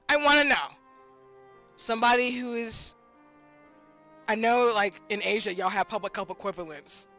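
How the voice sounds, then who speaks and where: A young woman streaming a game, excitable and loud, laughing and swearing as she reacts. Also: a little high, normal speed, pauses often, soft background music, low-quality recording.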